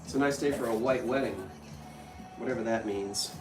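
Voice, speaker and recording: A woman's voice: extremely low pitch, a little fast, recorded from a distance. A woman hosting a live stream on antiques, chatting casually and telling stories. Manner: chatty, animated storytelling. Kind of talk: casual chat. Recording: echoey room with faint music.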